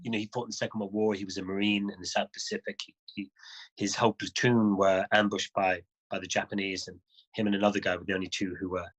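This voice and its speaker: A man as an interview guest, telling a story in a casual, animated way, often restarting phrases and chuckling. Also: lowish voice, fast talker, slightly rough, poor audio.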